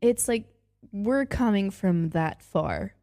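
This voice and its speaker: Slow-talking, gushing young woman podcaster. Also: medium pitch. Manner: gushing and excitable, repeating exclamations. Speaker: podcast host. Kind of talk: casual reaction commentary.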